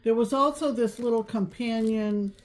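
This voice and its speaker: A woman's voice: fairly high pitch, normal speed. A woman co-hosting a casual crafting podcast, talking in a rambling way with frequent ums and restarts. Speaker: podcast co-host. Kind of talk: casual chat about cross-stitch.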